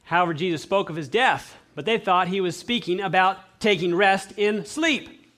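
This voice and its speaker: A man preaching a sermon, animated and acting out the voices of the people he quotes. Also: high voice, normal speed. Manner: clears throat often.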